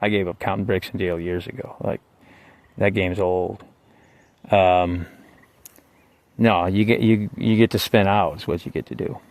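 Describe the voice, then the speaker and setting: Low-voiced man telling a rambling story. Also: fairly even intonation, unhurried, long pauses, no room sound. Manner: rambling and profane, full of "like" and "you know"; wry, swings between quiet asides and heated outbursts. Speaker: storyteller recounting his own jail time. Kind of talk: casual spoken personal story.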